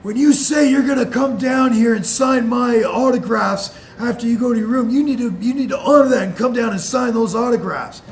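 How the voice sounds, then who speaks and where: A man voicing an angry, pushy male fan who shouts demands down the phone. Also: very high-pitched, fairly quick, few pauses, slight background noise, pitched above the performer's own voice, low-quality recording. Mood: indignant.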